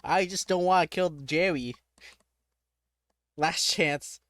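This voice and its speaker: A man's voice: on the high side, slow pace, fairly bright tone, no room sound, studio quality. A man playing a text adventure, reading the game text aloud and reacting casually, laughing often and breaking off with startled exclamations.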